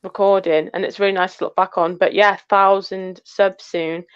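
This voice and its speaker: A woman's voice: medium pitch, flat delivery, normal speed, clean tone, no echo, muffled recording. An English woman co-hosting a casual live chat, teasing her friend and reading out viewer comments. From England. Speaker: co-host of a metal detecting channel.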